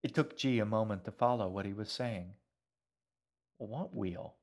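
A man with a fairly low voice reads a novel aloud. His storytelling is measured and even, with a steady, deliberate pace. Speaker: narrator. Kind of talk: audiobook narration.

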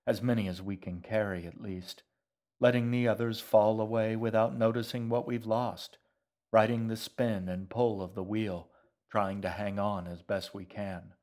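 A gentle, wistful shaggy man in a storybook, voiced by a male narrator, pitched low. He muses calmly and without hurry, letting each thought unfold. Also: lightly acted. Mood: musing. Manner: calm, musing, unhurried.

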